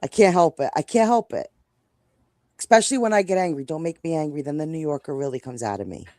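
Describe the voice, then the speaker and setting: A woman's voice: sits low, lively intonation, fast, dark tone, no echo. Chatty New York woman, dry close sound. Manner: chatty, rambling, self-interrupting. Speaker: co-host. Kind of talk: casual live-stream chat.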